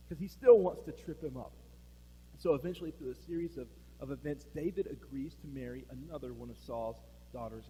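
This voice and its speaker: In a church sanctuary, a man with a mellow, medium-pitched voice preaches a sermon as pastor. He tells a story in a conversational way, performs the quoted lines, and puts questions to the room; the recording has a reverberant hall sound and a faint hum.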